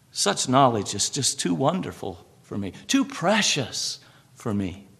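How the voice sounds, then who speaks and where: A man preaching a sermon, earnest and measured, who repeats phrases and drops to a hush on key words. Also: a little high. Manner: repeats and lists phrases for emphasis.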